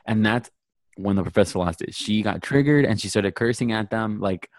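In a dry, clean studio recording, a young male podcast co-host tells a story at a moderate pace in a lowish voice. He's animated and heavily profane, acting out the people he quotes.

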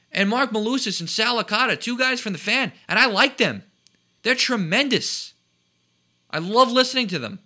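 Man, sports commentator, heated rant, indignant, emphatic, high voice. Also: pushed and bright.

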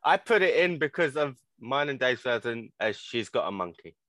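Lively man over a loud crowd. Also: mid-range voice, moderate pace. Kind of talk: casual podcast chat. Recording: loud crowd noise behind.

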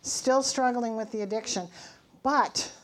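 This middle-aged woman speaks a little slowly, her voice sitting on the high side. Giving an earnest church testimony, she teaches from scripture and recounts her story with emphatic, acted-out dialogue.

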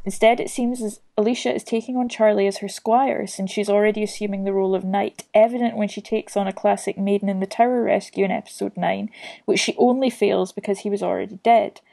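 A woman's voice: medium pitch, fairly even intonation, a little fast, vocal fry, warm tone. A woman co-hosting a casual podcast, reading a listener email aloud and chatting with frequent laughs. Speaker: podcast co-host.

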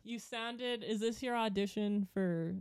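A woman's voice: mid-range voice, unhurried, a little mellow, clean tone. A woman co-hosting a casual podcast chat. She rambles through a story, giggles often, and trails off mid-thought before starting again. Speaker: podcast co-host.

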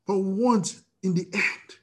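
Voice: mid-range voice, fairly even intonation, takes it slowly, slightly rough. A preacher giving an emotional, fervent sermon, often restarting phrases.

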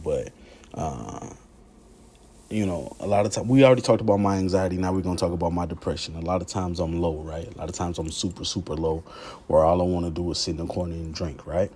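A man hosting a podcast, talking in a candid, profane, confessional monologue that swings from low murmurs to heated outbursts. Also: mellow, husky. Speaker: podcast host.

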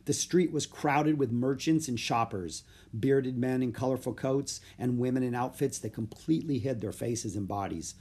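Husky man reading a children's story. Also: medium pitch, normal speed, few pauses. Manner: steady, plain storytelling. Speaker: narrator. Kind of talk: children's audiobook narration.

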